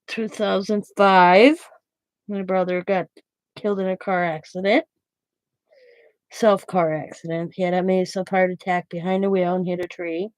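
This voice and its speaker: A woman's voice: mid-range voice, a little mellow, dry recording, rough recording. Woman, middle-aged, casual live-stream chat, rambling, dry close mic. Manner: rambling, emotional, trails off mid-sentence. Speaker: craft channel host.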